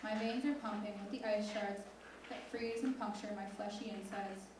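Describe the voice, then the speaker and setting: A teenage girl reading her own spoken word poem slowly and intensely as a student poet on stage. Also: medium pitch, fairly even intonation, background noise. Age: teens. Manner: slow, deliberate, intense recitation. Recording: echoey hall from far off.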